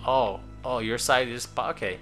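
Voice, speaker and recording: A middle-aged man hosting a casual let's-play with his kid, excitable and slangy, laughing often. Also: medium pitch, moderate pace, faint music behind. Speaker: gaming channel host and father.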